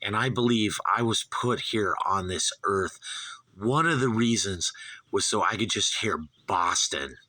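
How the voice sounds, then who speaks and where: A man's voice: fairly low pitch, measured pace, bright, forceful tone, dry recording. A man in his fifties from Southern California, hosting a rambling, profane, gushing album review. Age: 50s. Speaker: host.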